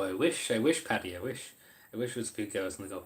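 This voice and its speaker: A man's voice: lowish voice, animated, fast talker. A man chatting casually on a livestream, hesitant and apologetic, with many fillers, eating while he talks.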